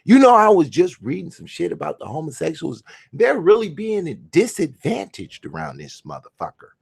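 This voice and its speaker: The host's voice runs on the high side with huge pitch swings, vocal fry, and a breathy edge, at a moderate pace. On his own show he gives a crude, mocking, profane rant, switching between shouts and mutters.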